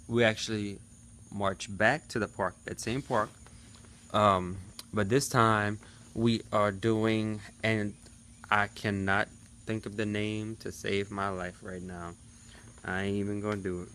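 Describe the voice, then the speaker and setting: A man's voice: lowish voice, fairly bright tone, a little hiss or hum. A man in his thirties chatting casually to his viewers in a vlog recap. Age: 30s. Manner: chatty, talks straight to viewers. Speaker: vlogger.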